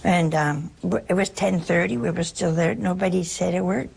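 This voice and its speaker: Gravelly, husky woman giving a chatty talk. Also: fairly low pitch, normal speed, darkish tone. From United States. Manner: chatty and humorous, acts out quoted dialogue. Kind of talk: informal spiritual talk.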